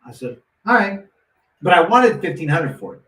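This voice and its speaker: Man guest, lively storyteller, slightly high voice, echoey room, off-mic with faint hiss. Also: fast. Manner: animated, acts out quotes with lots of restarts. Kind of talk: casual storytelling. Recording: roomy echo, mic at a distance, faint noise.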